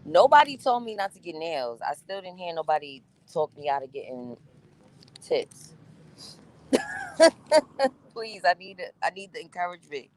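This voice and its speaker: A woman's voice: lowish voice, big pitch swings, measured pace, long pauses, darkish tone, low-quality recording. Profane chatty New woman streamer. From New York. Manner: blunt and profane, chatty, laughs often. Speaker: live-stream host. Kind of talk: casual live-stream chat reading viewer comments.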